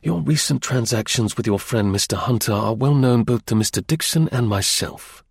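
Storybook role: stern commanding detective, gravelly and husky, read by a man. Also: medium pitch, no room sound, clean studio sound. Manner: stern, measured. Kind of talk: audiobook reading.

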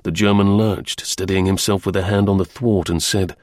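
A man narrating a story in a steady, even reading voice. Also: deep voice, moderate pace, dry recording, studio quality.

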